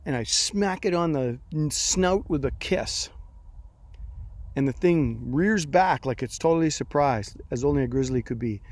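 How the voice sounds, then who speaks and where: Animated man telling a dream story. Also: medium pitch, a little slow. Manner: animated storyteller acting out his own reactions. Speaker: pastor. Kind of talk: personal story in a devotional talk.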